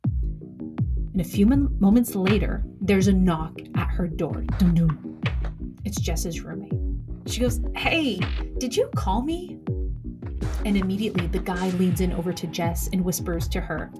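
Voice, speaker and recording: A young woman telling a true crime story from her own life, measured, with dramatic pauses. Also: on the low side, big pitch swings, over music. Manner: measured, dramatic pauses, acts out quoted lines.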